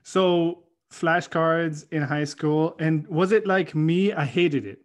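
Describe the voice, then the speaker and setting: A man's voice: fairly high pitch, takes it slowly. A male podcast host bantering casually, full of jokes and profanity. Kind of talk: casual chat.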